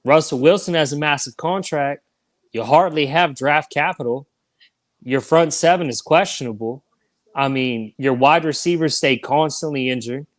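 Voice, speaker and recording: A man's voice: a little high, normal speed. A man co-hosting a sports podcast, making his case emphatically and repeating points for stress. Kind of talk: casual sports debate.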